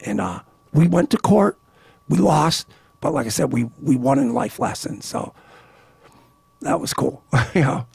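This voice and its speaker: Gravelly, husky man around sixty; lively pitch, animated storyteller, dry close sound. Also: measured pace, no echo. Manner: animated, laughing, many restarts. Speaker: guest, author. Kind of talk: casual storytelling.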